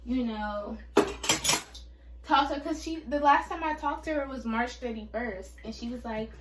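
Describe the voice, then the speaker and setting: A woman's voice: on the high side, moderate pace, recorded from a distance. A young woman in her twenties talks candidly to camera, with lots of fillers and restarts. Her voice sits a little back from the mic in an echoey room, with faint ambient noise behind it. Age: 20s. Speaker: vlogger. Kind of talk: personal storytime vlog.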